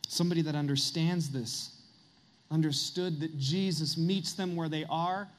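A man's voice: fairly high pitch, steady tone, moderate pace. A middle-aged man preaching a sermon as pastor, earnest and confessional, building to emphatic peaks.

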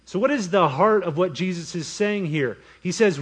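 A man preaching a sermon from the pulpit in a somewhat high voice. He keeps the talk lively, slipping into quick voiced asides and mock inner monologues between points. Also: husky. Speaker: pastor.

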